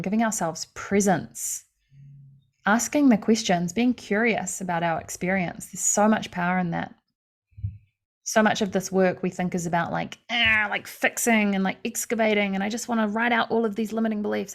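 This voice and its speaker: A woman life coach leading a live online session, earnest and conversational, acting out inner thoughts with fillers and soft laughs. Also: mid-range voice.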